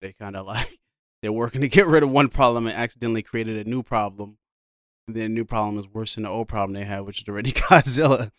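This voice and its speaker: A man chatting casually and quickly, his words tumbling out in a smooth, clean voice. He talks slangy and loose, and the recording is dry and close. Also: on the low side, a bit bright, no room sound. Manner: fast, loose, slangy, laughs often. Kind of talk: casual chat.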